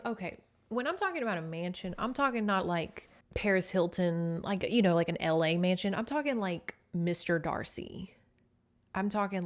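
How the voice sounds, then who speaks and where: A young woman, hosting a casual podcast book recap in a chatty, profane way with laughing asides. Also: medium pitch. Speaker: podcast host.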